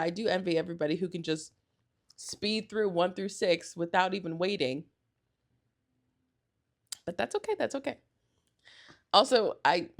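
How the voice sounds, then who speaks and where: A young woman hosting a solo podcast, chatting casually and gushing, rambling with lots of "like" and quick self-corrections. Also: lowish voice. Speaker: podcast host.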